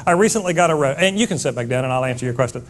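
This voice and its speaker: A man's voice: mid-range voice, lively intonation, rapid-fire, slight background noise. A man giving a blunt, fired-up motivational keynote to a live audience, scolding and hammering points with repetition.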